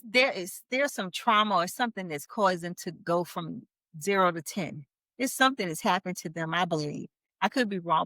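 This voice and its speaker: A woman's voice: lowish voice, a bit bright, no room sound. A woman talking as a marriage coach on a podcast, explaining earnestly. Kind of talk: podcast conversation.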